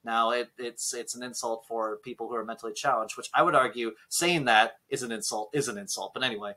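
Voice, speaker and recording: A man hosting a podcast in casual chat, ranting and swearing, voice swinging between loud and soft. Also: mid-range voice, a little fast, poor audio. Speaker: podcast host. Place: basement room.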